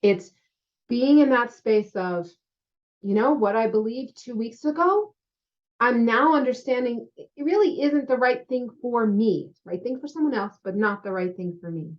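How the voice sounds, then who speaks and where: A woman's voice: on the high side, expressive, moderate pace, dull audio. A woman who works as a spiritual healer gives a casual talk to her viewers. She is chatty and often says "you know" and "right?". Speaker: spiritual healer and intuitive guide.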